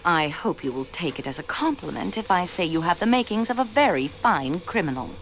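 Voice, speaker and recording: The player's investigator in an adventure game, a railway clerk who questions suspects politely but pointedly. Her mid-pitched voice is very lively in its melody, and a faint hiss sits under it. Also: brisk, low-quality recording. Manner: polite, probing, with French courtesies. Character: young woman railway clerk acting as detective. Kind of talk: voice acting in a video game.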